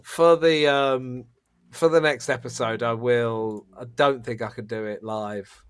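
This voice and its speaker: A man's voice: mid-range voice, steady tone, measured pace, smooth, dry recording. A man co-hosting a podcast over a video call, chatting casually and laughing easily. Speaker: podcast co-host. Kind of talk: casual chat.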